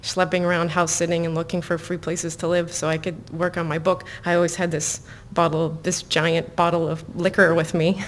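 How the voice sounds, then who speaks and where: A woman author reading her own novel aloud to listeners in an even, measured way, breaking off into casual asides full of fillers. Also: on the low side, slight background noise. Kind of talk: live book reading with chatty asides.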